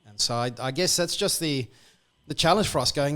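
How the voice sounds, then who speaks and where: Brief: Australian man, lively storytelling on a church radio slot. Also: a little high, brisk. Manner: lively, animated storyteller who acts out characters. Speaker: church guest.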